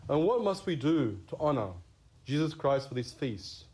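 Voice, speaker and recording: Earnest man preaching a sermon, fairly high voice. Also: big pitch swings, moderate pace, a little mellow, slightly rough. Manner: earnest, stresses key words. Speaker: Catholic priest.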